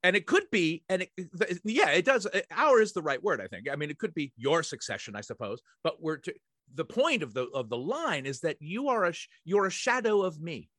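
A man's voice: fairly high pitch, big pitch swings, a little fast, fairly bright tone, no echo, clean studio sound. A man guesting on a podcast, talking about theatre in an emphatic, wry way, full of fillers and restarts. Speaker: guest, theatre director and writer. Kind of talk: casual podcast conversation.

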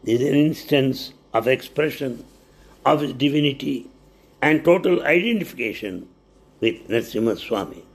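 A man narrating a devotional life story in a measured, earnest way. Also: mid-range voice, lively intonation, gravelly.

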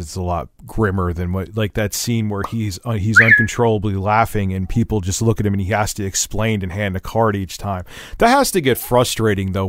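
A man's voice: lowish voice, fairly bright tone, dry recording, clean studio sound. A man hosting an interview, asking chatty, meandering questions with laughs. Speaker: interview host. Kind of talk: casual conversational interview.

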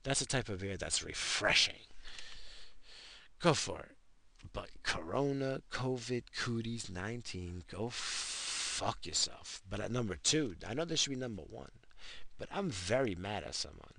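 A man's voice: lowish voice, lively intonation, normal speed, creaky, pauses often, sharp tone, husky. A man in his thirties giving a profane, rambling late-night rant after drinking, talking about his wife and kids. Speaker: vlogger ranting to camera.

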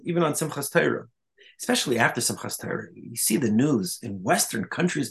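A rabbi giving a conversational Torah talk, telling stories with Hebrew and Yiddish terms and quick asides. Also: male voice, medium pitch, vocal fry.

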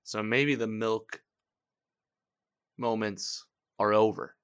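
A man with a fairly low voice hosts a podcast, talking through a TV episode in loose live-watch commentary. He recaps scenes in an animated, chatty way, quoting characters and chuckling as he goes. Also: slow pace, clear, resonant tone. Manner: chatty, animated recapping with laughs and quoted lines. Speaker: podcast host.

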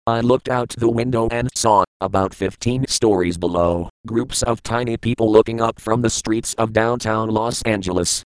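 Smooth-voiced man reading an audiobook. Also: medium pitch, normal speed, hardly any pauses, dry recording, poor audio. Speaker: audiobook narrator. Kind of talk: first-person audiobook narration.

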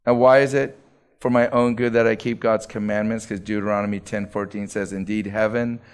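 A man's voice: fairly low pitch, level tone, a little fast, smooth. Middle-aged pastor guy preaching in church, earnest, keeps repeating lines for emphasis. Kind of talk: sermon.

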